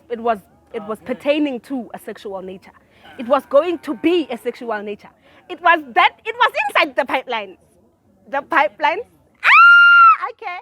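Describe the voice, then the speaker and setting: Lively woman telling a story. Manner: animated, swinging from low mutters to loud outbursts; laughs through her own story. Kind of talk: casual storytime chat.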